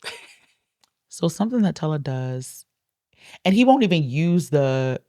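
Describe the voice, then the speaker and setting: A woman co-hosting a casual chat, loud and expressive, often agreeing. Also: low voice, normal speed. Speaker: podcast co-host.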